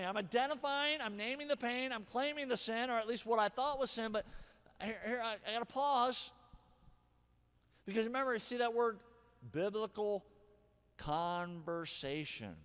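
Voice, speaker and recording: A man preaching a sermon as pastor, animated, acting out harsh and gentle examples. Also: sits high, moderate pace. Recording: long hall reverb.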